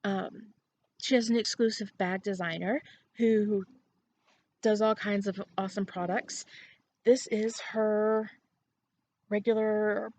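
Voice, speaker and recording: A woman chats to camera for her knitting podcast. She rambles from thought to thought and laughs often, in a relaxed, casual tone. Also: medium pitch, slow, long pauses.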